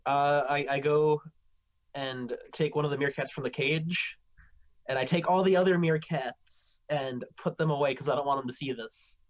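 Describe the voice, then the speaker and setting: A man playing a tabletop game, describing his character's actions in a casual, halting way. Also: a little high, steady tone, highs cut off. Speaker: player.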